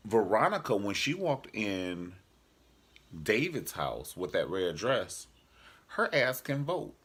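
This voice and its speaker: Sassy, husky man reviewing TV. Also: on the low side, takes it slowly. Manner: animated, sassy, joking. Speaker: TV show reviewer. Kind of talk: casual vlog chat.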